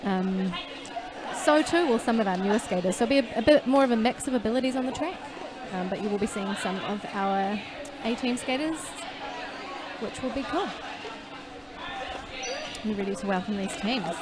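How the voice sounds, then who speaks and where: A woman's voice: on the high side, normal speed. A woman with a New Zealand accent announcing roller derby, chatty and playful. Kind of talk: live sports commentary. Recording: loud crowd and noise behind.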